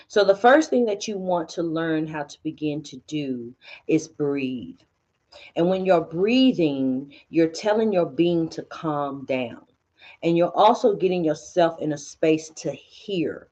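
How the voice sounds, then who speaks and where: Low-voiced woman coaching calmly. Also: highs cut off. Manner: calm, coaching, acts out inner dialogue. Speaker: host. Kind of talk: spiritual teaching talk.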